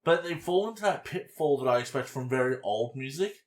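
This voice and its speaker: Casting: man, podcast co-host, loose and animated, swears freely, mid-pitched. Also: brisk. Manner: rambling, animated, swears casually. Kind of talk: casual chat reviewing an album.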